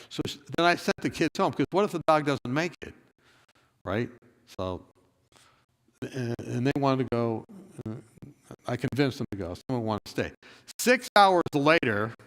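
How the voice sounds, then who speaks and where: A man's voice: mid-range voice, fairly bright tone. A man preaching a sermon, telling a personal story and acting out the dialogue, then rising to emphatic moments. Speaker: pastor. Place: church.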